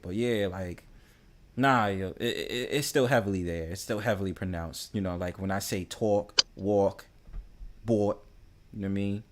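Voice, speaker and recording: A man with a New York accent hosting a casual livestream panel, teasing and bantering as he talks. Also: on the low side. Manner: bantering, repeats "you know what I'm saying".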